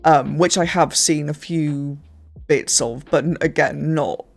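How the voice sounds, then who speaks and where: A man's voice: a little high, fairly even intonation, unhurried, creaky. A British man hosting a reaction video, chatting casually and self-deprecatingly with lots of restarts and hedges. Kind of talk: casual chat to camera.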